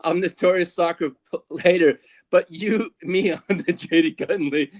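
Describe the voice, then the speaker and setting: A man's voice: high-pitched, moderate pace. A man co-hosting a watch party, rambling in casual chat. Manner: rambling, restarts a lot. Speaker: co-host.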